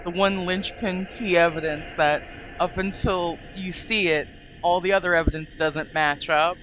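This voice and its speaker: A woman's voice: lowish voice, steady tone, measured pace, a bit bright, slight background noise. A woman hosting a casual live stream, giggly and effusive. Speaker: streamer host.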